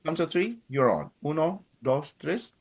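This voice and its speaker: A man's voice: a little high, sing-song, measured pace. A man teaching a live Spanish class, drilling students by counting in and praising each answer.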